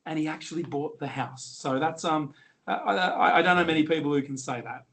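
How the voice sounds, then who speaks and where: A confident middle-aged man, an auctioneer telling lively, joking stories in an interview. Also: a little high, brisk. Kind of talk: storytelling in an interview.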